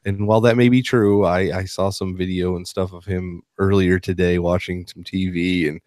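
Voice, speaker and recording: Male podcast co-host, low voice, casual sports chat, dry sound. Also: moderate pace, no echo. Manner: laughing, animated when reading quotes.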